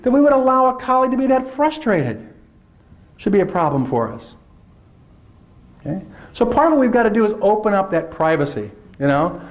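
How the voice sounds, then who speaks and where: A man giving a lively workshop lecture to teachers, often acting out teachers in put-on voices. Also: sits high, brisk, long pauses. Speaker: workshop presenter. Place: lecture hall.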